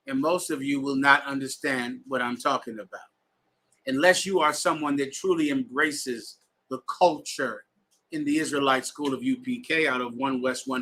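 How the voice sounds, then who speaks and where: A scripture class instructor teaches a bible class to students gathered in a room. His voice is a little high with a sharp edge, and he's emphatic and slangy, urging readers to keep going.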